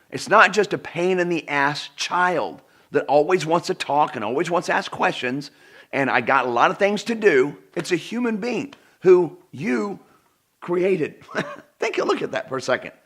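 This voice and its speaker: A middle-aged man delivers a personal development talk straight to the viewer. He is emphatic and earnest, repeats words to drive points home, and his voice swings widely between loud peaks and quiet drops. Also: fairly high pitch. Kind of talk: direct-to-camera self-help talk.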